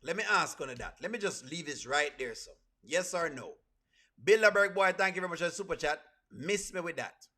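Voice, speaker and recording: Bright-voiced Jamaican man streaming. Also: on the high side, fairly quick. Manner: animated, mixes patois with standard English. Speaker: reaction streamer. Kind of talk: live reaction commentary.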